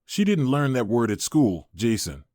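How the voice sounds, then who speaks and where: A man's voice: mid-range voice, very animated, moderate pace, mellow, dry recording, studio quality, natural voice. A man voicing a stern, controlled wife and mother in a read-aloud story, speaking firmly and scolding.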